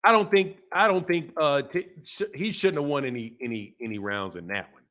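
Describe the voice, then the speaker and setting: Male boxing-channel host, high-pitched, animated and slangy, loops back over his own phrases. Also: fairly quick. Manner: animated, repeats himself, laughs, slangy. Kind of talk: casual boxing talk.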